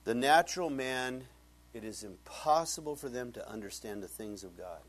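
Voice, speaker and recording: A middle-aged male pastor giving a conversational sermon, telling stories and swinging from hushed asides to loud emphatic points. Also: mid-range voice, lively intonation, normal speed.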